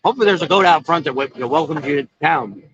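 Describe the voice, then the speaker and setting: A middle-aged man rambles in a folksy, easygoing way to his livestream viewers from an outdoor patio. His voice is bright and sits a little high. The phone stream sounds dull and lo-fi. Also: expressive, fast talker. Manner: rambling, folksy, many fillers. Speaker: vlog host. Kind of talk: casual livestream chat.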